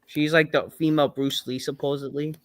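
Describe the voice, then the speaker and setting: A man hosting a podcast in casual chat, rambling and halting with many fillers. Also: fairly high pitch, level tone, fairly bright tone, dry recording. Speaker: podcast host.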